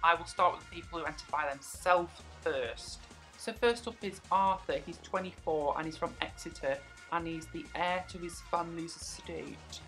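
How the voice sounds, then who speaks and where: A young man vlogging in a chatty, sarcastic way, with sudden high-pitched outbursts. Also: moderate pace, few pauses, sharp tone, faint music behind. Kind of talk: casual vlog commentary.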